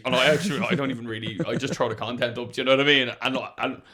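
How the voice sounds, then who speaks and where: A man's voice: medium pitch, fairly even intonation, racing, background noise. A young Irish man co-hosting a podcast, rambling in casual chat and often asking "do you know what I mean". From Ireland. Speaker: podcast co-host, comedian.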